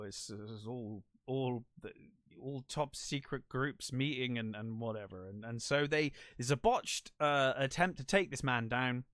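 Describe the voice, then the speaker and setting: Rambling, profane podcast host, dry sound. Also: male voice, medium pitch, fairly bright tone, no echo. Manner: rambling, profane and self-deprecating. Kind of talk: casual solo movie review. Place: lives in the United Kingdom.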